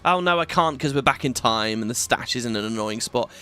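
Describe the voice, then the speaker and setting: A man's voice: medium pitch, lively intonation, a little fast, sharp tone, clean tone, faint music behind. A British man in his thirties chatting casually and rambling while playing a video game. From Britain. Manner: chatty, rambling, swears, many restarts. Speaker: gaming YouTuber. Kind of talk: casual gameplay commentary.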